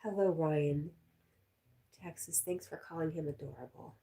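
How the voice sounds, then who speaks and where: A woman's voice: low voice, fairly even intonation, normal speed, mellow. A woman hosting a casual live stream, reading viewer comments aloud and chatting with a laugh.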